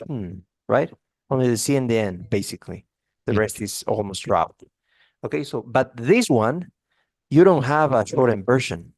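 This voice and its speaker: A man's voice: medium pitch, a little mellow, no room sound. Dry-voiced man tutoring English pronunciation. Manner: explains by repeating examples, many restarts. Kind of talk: one-on-one pronunciation lesson.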